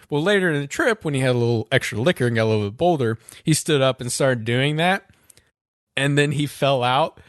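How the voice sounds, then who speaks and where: A man's voice: mid-range voice, a bit bright, no room sound, studio quality. A man co-hosting a podcast, telling a long story in casual chat, rambling and restarting often. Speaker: podcast co-host.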